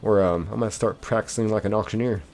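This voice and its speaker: Gravelly-voiced man chatting on a live stream. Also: lowish voice, fairly even intonation, fast talker, darkish tone, faint music behind. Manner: chatty, reads viewer comments aloud. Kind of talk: live game stream chat.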